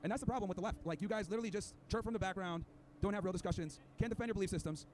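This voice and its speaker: A man with a noticeably high voice who fires off his words at a breakneck pace. He argues in a combative, lecturing way and trades insults freely. A faint hiss sits under the audio. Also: racing, a little mellow. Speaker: podcast host. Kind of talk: heated debate clip.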